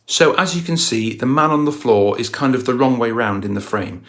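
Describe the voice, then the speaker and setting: A man's voice: mid-range voice, animated, moderate pace, a bit bright. Man narrating a video explainer. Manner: storytelling, analytical walkthrough. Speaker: guitar channel host.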